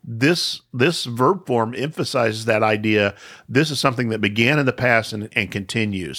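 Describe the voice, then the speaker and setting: A man's voice: lowish voice, a bit bright. Thoughtful man teaching Bible on podcast. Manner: thoughtful, with frequent restarts and slow emphasis.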